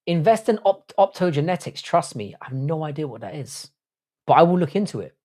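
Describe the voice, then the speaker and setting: A man's voice: on the high side, expressive, brisk, a little mellow. A man hosting a casual livestream chat, rambling and swearing, often restarting his sentences. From Ireland. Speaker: podcast host.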